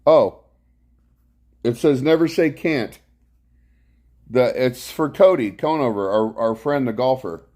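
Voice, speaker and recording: Relaxed man chatting with his stream. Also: mid-range voice, unhurried. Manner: greets chat viewers by name between rambling stories. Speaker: live stream host. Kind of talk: casual live-stream chat. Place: home, lying on a couch. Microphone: clip-on mic worn from bike riding.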